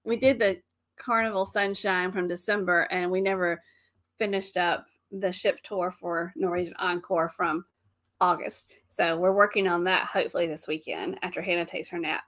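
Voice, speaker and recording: A woman's voice: on the low side, fairly even intonation, moderate pace, fairly bright tone. A woman co-hosting a live stream, chatting casually and laughing often over a video call.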